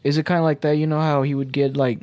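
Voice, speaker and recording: A man's voice: on the high side, flat delivery, fast talker, mellow, no room sound. A young man in casual chat who argues his points in a blunt, slangy way.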